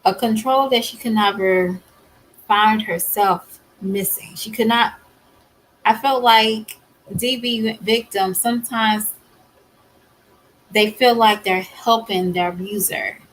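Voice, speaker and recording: A woman's voice: medium pitch, fairly even intonation, slow pace, pauses often, a bit bright, low-quality recording. A woman vlogger talking candidly to camera, emphatic and blunt, with many fillers and repeated firm refusals.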